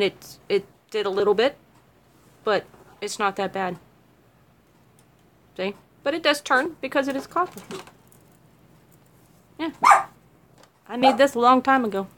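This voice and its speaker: A dog barks in the background as a woman crafts jewelry at home and chats with her livestream audience, fielding their questions. She's talkative, quick to laugh and calls viewers by name, her mid-range voice carrying a little hiss or hum.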